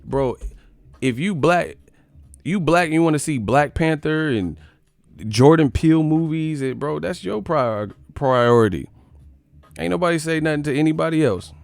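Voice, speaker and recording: Boxing-stream host, male, gravelly, mid-pitched, foul-mouthed and animated, close dry sound. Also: normal speed, no room sound. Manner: profane, animated, mocks others in put-on voices. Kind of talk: live stream rant.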